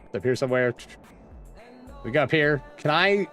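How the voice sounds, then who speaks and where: A man's voice: medium pitch, animated, moderate pace, fairly bright tone, faint music behind. A man from Virginia, casually telling a rambling childhood story with restarts and asides. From West Virginia, USA. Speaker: vlogger. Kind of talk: casual storytelling while browsing a map.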